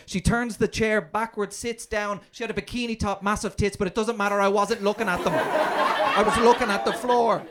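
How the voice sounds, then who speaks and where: A man's voice: sits high, fairly even intonation, brisk, hardly any pauses, a little hiss or hum. A man with an Irish accent performing a stand-up comedy set, telling stories in a brash, profane way. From Ireland. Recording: comedy club audience laughter.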